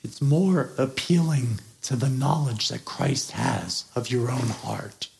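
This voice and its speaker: A man's voice: mid-range voice, slow, gravelly, a little mellow. A man preaching a sermon as pastor, earnestly explaining a scripture passage and stressing key words.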